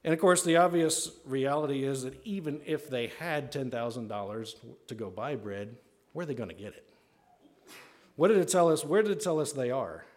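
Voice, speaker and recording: A man's voice: medium pitch, expressive, moderate pace. A man preaching a sermon in a conversational way, often asking "right?" and acting out the voices of people he quotes. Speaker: pastor.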